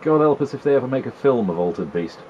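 With lively intonation and a fast delivery, a medium-pitched male retro gaming host chats wryly through an old game, poking fun at its characters. The background is noisy and the highs are cut off.

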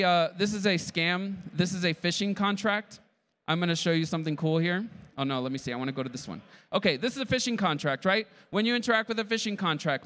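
High-voiced eager man presenting a demo. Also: fairly bright tone. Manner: eager, keeps checking in with the audience. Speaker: conference presenter. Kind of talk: tech conference talk with live demo.

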